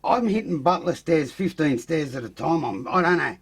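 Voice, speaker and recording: A man with an Australian accent telling his story as a podcast guest, blunt and profane, growing animated as he acts out fights. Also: on the high side, normal speed, slightly rough. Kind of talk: casual storytelling.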